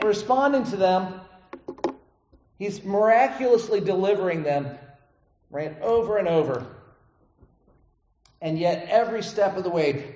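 A man's voice: high voice, darkish tone. A man preaching a sermon in a conversational way who often checks in with the listeners by asking "right?". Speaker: pastor. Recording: echoey room, slightly dull sound.

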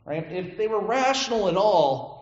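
A man with a high voice preaches a sermon in an easy, conversational manner and keeps checking in with "right?". The room is echoey, and the recording sounds a little dull. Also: lively intonation, normal speed. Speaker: pastor.

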